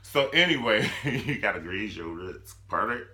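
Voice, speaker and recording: Sassy, animated man with a swooping voice. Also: measured pace. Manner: sassy, animated, swooping between squeals and low mutters. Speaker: vlogger reviewing a TV drama. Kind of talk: comedic casual recap.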